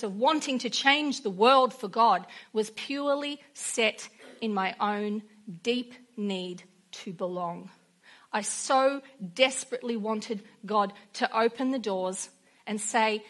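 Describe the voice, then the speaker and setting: A woman's voice: on the high side, a little slow, fairly bright tone. A woman preaching a sermon in an earnest way, weaving in personal stories.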